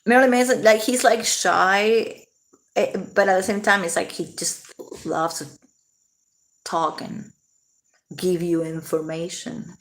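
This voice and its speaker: A woman's voice: mid-range voice, slow, pauses often. A woman vlogging casually, rambling and laughing often as she talks. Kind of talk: casual commentary to camera.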